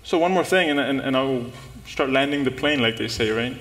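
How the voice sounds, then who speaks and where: A preacher's medium-pitched voice moves at a brisk pace through a church sermon. He narrates a story in an animated manner and calls out to the congregation as he goes.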